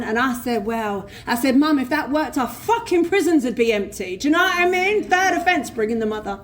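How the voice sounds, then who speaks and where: A woman with a London accent telling her recovery story at a convention, blunt, swearing and animated. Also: high-pitched, moderate pace, long pauses. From England. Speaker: recovery speaker. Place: convention hall stage. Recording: faint room noise at a convention.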